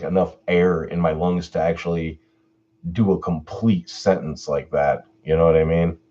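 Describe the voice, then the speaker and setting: A man who narrates horror stories online, chatting casually in a relaxed, laughing way. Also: low-pitched, dull audio. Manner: relaxed, laughing, answers voice requests. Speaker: YouTube horror story narrator. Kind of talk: casual Q&A chat.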